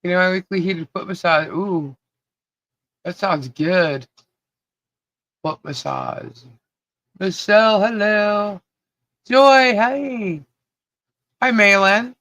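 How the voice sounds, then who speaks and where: A podcast co-host with a hoarse voice, cheerfully greeting viewers one by one on a live stream. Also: mid-range voice, takes it slowly, pauses often, a bit bright, no room sound. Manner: giddy, laughing, greets viewers by name.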